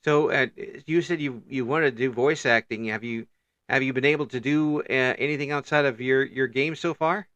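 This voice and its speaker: A man hosting an interview, encouraging and measured, summing up his guest's answers. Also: mid-range voice, a bit bright, dry recording, lo-fi sound. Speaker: interview host. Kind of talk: casual interview.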